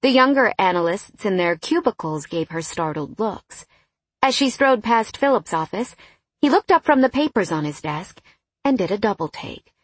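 Husky woman reading a romance novel. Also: medium pitch, very animated, moderate pace, no room sound. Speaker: audiobook narrator. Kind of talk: scripted narration.

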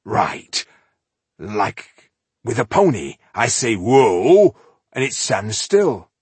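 A man voicing a cheerful male dwarf warrior who teases his friend, husky-voiced and easygoing. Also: fairly low pitch, very animated, drawn-out words, darkish tone, no room sound, heavily acted. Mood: teasing. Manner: jovial, mocking, easygoing.

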